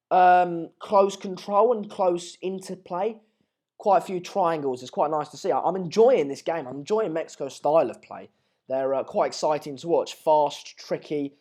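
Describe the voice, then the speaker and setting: A young man, hosting a casual live match watch-along, reading out viewer comments in a chatty, rambling way and sounding slightly hoarse. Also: fairly high pitch, darkish tone. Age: late teens. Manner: chatty, rambling, restarts mid-sentence, calls viewers mate and pal. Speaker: live stream host.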